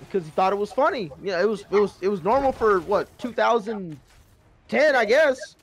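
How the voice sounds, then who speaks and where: A man in his twenties telling a rambling, profane story casually while gaming, breaking into loud, excited bursts. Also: sits high, moderate pace.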